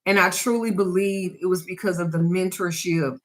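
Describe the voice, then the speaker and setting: A woman's voice: on the low side, steady tone, moderate pace. A woman who teaches spiritual practice and does readings, telling a personal story in casual, candid talk. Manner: candid and reflective, trails off with restarts.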